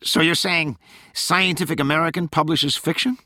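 A man voicing a wisecracking, sarcastic male scientist who needles everyone with quick quips in a raised voice. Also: fairly high pitch, very animated, pushed and bright, no echo, studio quality, voice pushed up, heavily acted.

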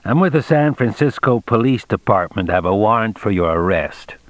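A man voicing a sneering male plainclothes police officer in an audiobook, with a taunting, sharp delivery. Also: lowish voice, expressive, brisk, no room sound, natural voice. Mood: curt.

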